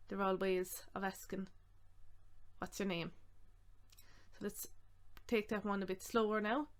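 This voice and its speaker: An Irish-accented woman teaching a lesson. She speaks at a middling pitch and says each phrase slowly, then breaks it into single words and explains it plainly. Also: steady tone. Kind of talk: slow, clear language lesson.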